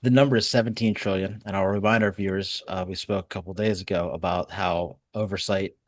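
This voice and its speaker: A lower-voiced man hosting a political talk show in a dry, close-sounding space. He talks casually with plenty of sarcasm and swearing, and his delivery is animated. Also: a little fast, dry recording. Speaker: political commentary host.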